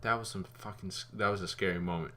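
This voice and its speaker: A man giving a casual spoken movie review, rambling and animated, with fillers and some swearing. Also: low-pitched, fast, slight background noise.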